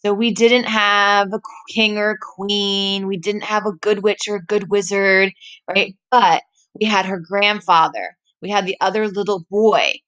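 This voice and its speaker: A woman teacher with a bright, forceful voice reads a story to a class and explains it. She often stops to check in with a quick "right?". Her voice sits at an ordinary middle pitch. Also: fairly even intonation, clear, resonant tone.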